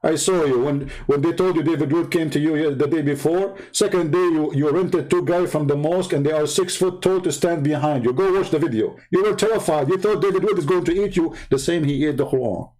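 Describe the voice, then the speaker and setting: Speaking a little fast with few pauses, this online debate host has a high-leaning, slightly mellow, tinged voice. He taunts sarcastically through a mocking monologue, repeating words to drive points home.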